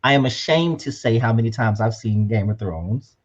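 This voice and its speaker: A man co-hosts a podcast, talking in a slightly raspy, breathy voice. He sounds upbeat and preachy and keeps tagging "right?" onto his points. The audio is muffled and lo-fi. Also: medium pitch, lively intonation, moderate pace. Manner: upbeat, preachy, often adds "right?" and "you know what I'm saying". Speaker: podcast co-host. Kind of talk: casual motivational podcast chat.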